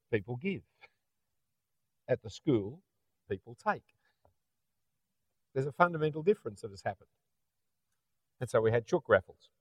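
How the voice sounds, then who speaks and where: A man's voice: medium pitch, dry recording. A middle-aged Australian man preaching a sermon in a conversational way, often ending points with rhetorical tag questions. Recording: dull, dry, lo-fi.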